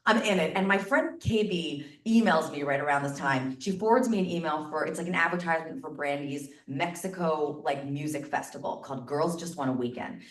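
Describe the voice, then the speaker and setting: A woman telling a personal story live to an audience, chatty and animated, packing her sentences with "like". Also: sits low, a little fast, few pauses. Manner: chatty, animated, lots of filler "like". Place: stage before a live audience. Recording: echoey room, mic at a distance.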